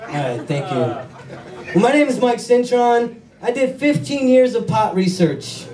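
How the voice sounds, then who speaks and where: Excitable high-voiced man doing stand-up. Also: unhurried. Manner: excitable, self-mocking, banters with the crowd. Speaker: stand-up comedian. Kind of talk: stand-up comedy set. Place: comedy club stage with audience. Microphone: wireless handheld mic. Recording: echoey club, mic far off, crowd noise.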